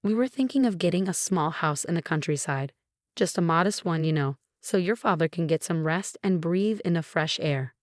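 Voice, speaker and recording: A woman voicing a demanding, self-pitying older mother-in-law, coaxing and indignant by turns, in a low, dry reading voice. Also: lively intonation, normal speed, dry recording, lightly acted. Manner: wheedling, then indignant.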